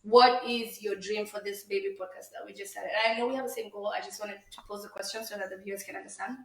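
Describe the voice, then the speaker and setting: A woman's voice: medium pitch, steady tone, quick pace. A woman co-hosting a casual podcast livestream, teasing her co-host, greeting viewers and mixing English with Swahili. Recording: echoey room.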